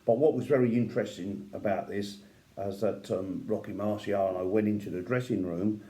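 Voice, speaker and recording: A man's voice: on the low side, fairly even intonation, normal speed, mellow. A man telling boxing history in a casual, opinionated way, with many asides and fillers. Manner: conversational, with fillers and asides like "yeah" and "right?"; admiring, opinionated. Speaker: boxing commentator. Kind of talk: casual storytelling.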